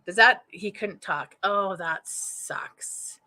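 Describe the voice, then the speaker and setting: A woman giving a psychic reading over a live stream. Her voice sits a little low but comes across bright and forceful. She rambles and restarts as she thinks aloud, chatty and informal. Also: a little slow, few pauses. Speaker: psychic medium. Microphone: webcam or computer mic.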